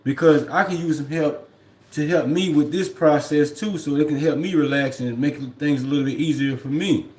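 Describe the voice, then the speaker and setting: A man's voice: fairly high pitch, steady tone, normal speed, darkish tone, reverberant. A man who drives trucks talks casually on a home livestream, rambling and reflective, often repeating "you know what I mean.". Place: at home, indoors.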